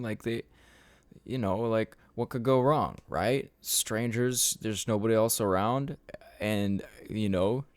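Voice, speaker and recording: Young male podcaster, rambling storyteller, swears a lot, smooth low voice, dry close sound. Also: no room sound. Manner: casual, rambling, swears often, laughs at own story. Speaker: podcast host.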